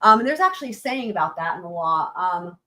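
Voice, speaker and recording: A woman's voice: lowish voice, sing-song, fast, bright, forceful tone. A woman hosting a livestream, chatting casually and animatedly about legal points and swearing now and then. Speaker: livestream host.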